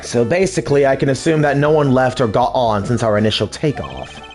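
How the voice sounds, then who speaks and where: A man voicing a cool, composed male prosecutor who speaks in a measured, deliberate way in a game dub. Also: mid-range voice, lively intonation, faint music behind, pitched below the performer's own voice, natural voice. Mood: calm, analytical.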